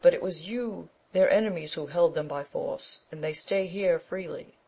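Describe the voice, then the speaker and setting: A scornful, treacherous knight of old romance hurls mocking taunts at his foes from a castle wall, as a woman reads him aloud. The voice sits low and gravelly. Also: moderate pace, mellow.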